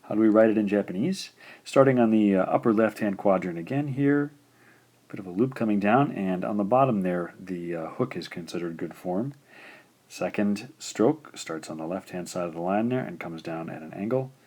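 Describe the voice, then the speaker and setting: Low-voiced man teaching slow pronunciation drills. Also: a little mellow. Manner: slow, careful pronunciation drills with frequent "uh" fillers. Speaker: language teacher. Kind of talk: recorded lesson narration.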